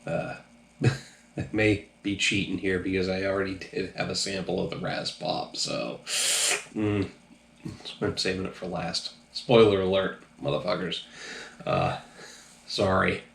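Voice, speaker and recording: A man's voice: sits low, measured pace, gravelly, roomy sound. A man casually reviewing drinks on his channel, a little tipsy, talking loosely and profanely with lots of ums. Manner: loose, profane, rambling with many fillers.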